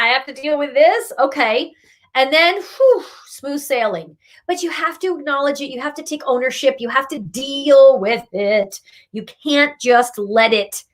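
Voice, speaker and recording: Woman host, live card reader, higher voice, slow and emphatic, tough-love scolding. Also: a bit bright. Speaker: spiritual reader and meditation host. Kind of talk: live-streamed card reading.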